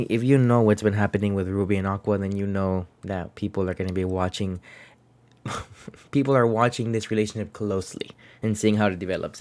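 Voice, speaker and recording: A young man with a somewhat low voice chats his way through a comic review. He restarts sentences often and keeps it loose and unpolished. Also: a little mellow. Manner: rambling, chatty, frequent restarts and laughs. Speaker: manga reviewer. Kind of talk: casual video review.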